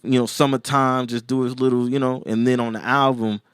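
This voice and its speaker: A man's voice: mid-range voice, little pitch movement, brisk, smooth, dry recording, clean studio sound. A man co-hosting a podcast in loose casual chat, rambling with lots of fillers and restarts. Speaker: podcast co-host.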